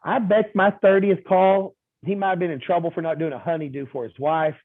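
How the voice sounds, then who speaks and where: A man's voice: high voice, fairly quick, dry recording. Story-telling man on a tinny line. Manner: lively anecdotal telling with quoted dialogue and fillers. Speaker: insurance agent guest. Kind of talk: casual interview storytelling.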